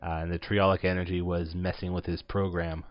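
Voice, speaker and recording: Man, deep voice, casual let's-play host, rambling with fillers, dry and muffled lo-fi recording. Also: flat delivery, fairly quick, no echo, soft background music. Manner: rambling, many filler words. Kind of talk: casual gameplay commentary.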